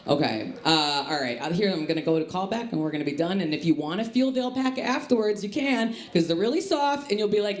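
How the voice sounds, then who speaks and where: A woman from the Chicago area doing a stand-up comedy set on a club stage, with a punchy, lively delivery. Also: on the low side, fast talker, few pauses, a little hiss or hum. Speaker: stand-up comic. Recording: live club with echo and crowd laughter. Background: laughing audience.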